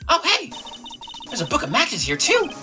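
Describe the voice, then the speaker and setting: Woman doing a bubbly, squeaky young sidekick. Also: huge pitch swings, moderate pace. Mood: excited. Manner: bubbly, exclamatory. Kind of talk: fan voice-over of a game. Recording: game music behind.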